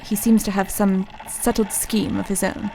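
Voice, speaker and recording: A woman playing a brooding young doctor in a radio play, reading his journal aloud in a flat, measured voice. He sounds introspective and slightly cold, with faint noise behind him. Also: mid-range voice, vocal fry, natural voice, rough recording.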